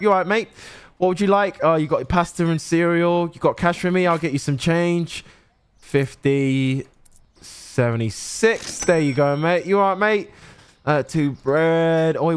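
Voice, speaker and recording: A man's voice: a little high, smooth, lightly acted. A young man playing a friendly shopkeeper who calls out prices and serves customers. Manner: brisk, friendly shop-worker patter. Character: cheery male shopkeeper touting and serving at a till.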